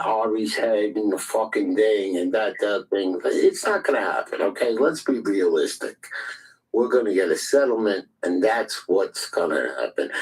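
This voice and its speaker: A fired-up man in an online group voice chat, fairly low in pitch. He talks angrily, swears often and circles back to the same phrases again and again. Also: rough recording. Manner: angry, swears often, repeats himself. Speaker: Twitter space participant.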